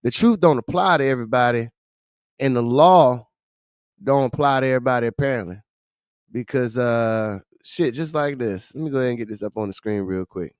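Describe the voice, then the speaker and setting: A man's voice: mid-range voice, brisk, clean tone, no room sound, clean studio sound. A man hosting a livestream, giving blunt, profane commentary in a ranting manner. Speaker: livestream host. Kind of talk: casual commentary stream.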